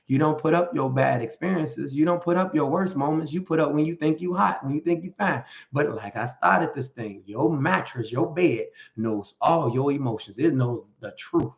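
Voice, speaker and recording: A man's voice: fairly high pitch, moderate pace, gravelly, hardly any pauses. A man as a life coach, giving a motivational talk with Bible readings. He speaks in an emphatic, slangy, rhetorical way and keeps asking "right?". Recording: echoey room, dull lo-fi sound.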